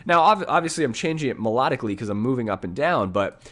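A fast-talking music teacher with a medium-pitched, fairly bright voice and lively intonation casually explains his recorded piano solo. Over faint piano music, he scats rhythms aloud and often asks "right?".

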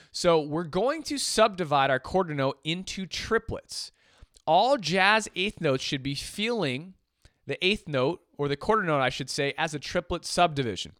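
A man's voice: a little high, lively intonation, moderate pace, a bit bright, no room sound, clean studio sound, faint music behind. A man teaching jazz swing feel, explaining patiently and counting beats aloud. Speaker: music teacher. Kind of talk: instrument lesson.

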